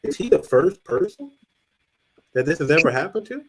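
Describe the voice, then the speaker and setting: A man's voice: on the high side, wildly swooping pitch, moderate pace, creaky, fairly bright tone, poor audio. A man hosting a live-streamed talk show, thinking aloud as he searches online and talks to his viewers. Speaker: podcast host.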